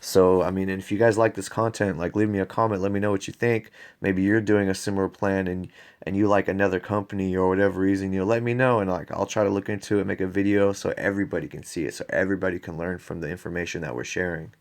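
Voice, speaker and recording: Deep-voiced man casually explaining investing. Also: fairly even intonation, fast talker. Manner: loose, conversational, talks straight to viewers. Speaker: finance channel host.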